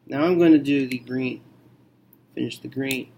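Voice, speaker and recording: Thinking out loud with frequent okays, a male math teacher works slowly through a problem. He speaks in a creaky, warm, mid-range voice.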